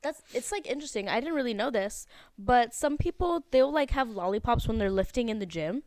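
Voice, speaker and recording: A woman's voice: a little high, lively intonation, a little fast, a little mellow, dry recording, clean studio sound. Chatty young woman on a podcast. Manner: chatty, lots of "like", laughs, retells clips. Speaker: podcast co-host. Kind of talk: casual podcast chat.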